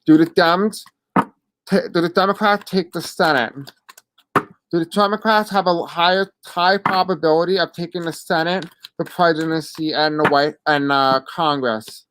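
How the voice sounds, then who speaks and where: A host with a deaf accent gives live readings and answers chat questions in a halting, apologetic way with many fillers. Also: mid-range voice, fairly even intonation, background noise.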